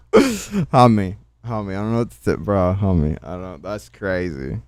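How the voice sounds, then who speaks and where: A man's voice: low-pitched, big pitch swings, takes it slowly, a little mellow, clear, resonant tone, no room sound, clean studio sound. A man streaming, reacting to clips with mocking, profane banter and frequent laughter. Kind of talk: casual reaction stream commentary.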